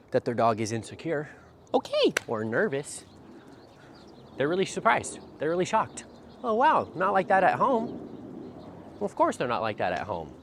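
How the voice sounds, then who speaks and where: A man working as a dog trainer, explaining while he walks a dog outdoors, with a habit of asking "right?" after short phrases. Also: mid-range voice. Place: outdoors by a street. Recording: faint outdoor noise.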